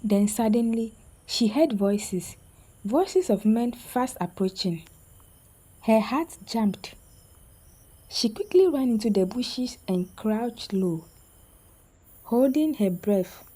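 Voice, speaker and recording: A woman narrating a scripted story in a slow, suspenseful way with dramatic pauses. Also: a little high, animated, warm tone, slightly rough, rough recording.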